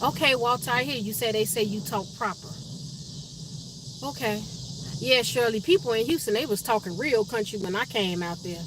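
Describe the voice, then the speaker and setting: A woman's voice: fairly high pitch, moderate pace, background noise. Chatty Chicago woman on a live stream. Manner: chatty, reads viewer names and comments aloud. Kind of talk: casual live-stream chat with viewers.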